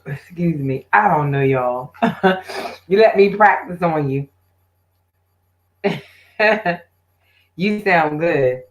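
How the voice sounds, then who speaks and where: Slow-talking woman chatting on a livestream. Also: deep voice, expressive, slight background noise, poor audio. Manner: chatty, talks straight to viewers. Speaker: live streamer. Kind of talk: casual live-stream chat.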